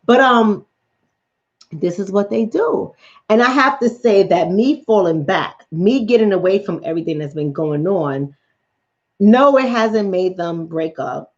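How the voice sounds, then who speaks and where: A woman's voice: medium pitch, measured pace. A middle-aged woman from the Bronx with a New York accent, a relationship coach telling stories bluntly and profanely on a late-night stream. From the Bronx, New York City. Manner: blunt, profane, animated storytelling. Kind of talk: late-night livestream chat. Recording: dull lo-fi sound.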